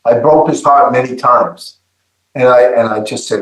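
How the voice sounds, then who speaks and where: A middle-aged man telling a personal testimony in an earnest, halting way, often repeating his words. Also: mid-range voice, echoey room, poor audio. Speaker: guest giving testimony.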